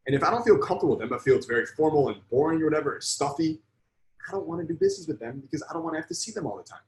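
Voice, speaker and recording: A man's voice: a little high, lively intonation, rapid-fire, darkish tone, reverberant, rough recording. A man coaching on sales in a live online lesson, blunt and emphatic, swearing freely.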